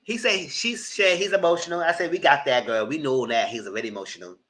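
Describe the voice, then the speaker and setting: A man giving live commentary on a reality TV show, animated and cussing, mocking the people in it. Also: fairly high pitch, fast, poor audio. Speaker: reality TV reviewer.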